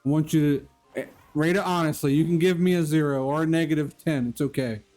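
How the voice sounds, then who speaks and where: A man's voice: fairly high pitch, fairly even intonation, brisk, darkish tone, soft background music. A man live-streaming a video game, chatting casually with his viewers and laughing often. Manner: chatty, laughs often, talks to chat by name. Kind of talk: casual live-stream chat while playing.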